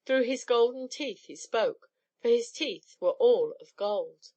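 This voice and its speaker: A woman narrating an old myth as an audiobook, in an expressive storybook style. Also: a little high, slow pace.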